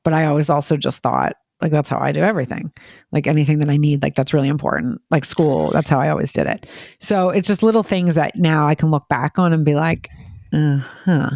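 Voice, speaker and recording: A woman chatting casually as a parent on a podcast, telling quick, filler-heavy stories and acting out what people said. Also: low voice, vocal fry, darkish tone, no room sound, clean studio sound. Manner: rapid, filler-heavy storytelling, acting out quoted voices. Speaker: parent guest.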